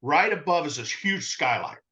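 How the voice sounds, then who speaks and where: A man's voice: fairly high pitch, moderate pace. A man co-hosting a podcast, telling a customer story in casual talk and acting out the dialogue. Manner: animated storyteller, acts out dialogue. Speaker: rug cleaning business co-host. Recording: dull lo-fi sound.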